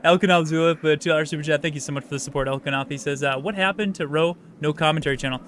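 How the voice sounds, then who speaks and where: A man's voice: on the high side, racing, a bit bright, slight background noise. A man hosting a live game stream, chatting casually and rambling with offhand swearing. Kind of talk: casual live-stream chat while gaming.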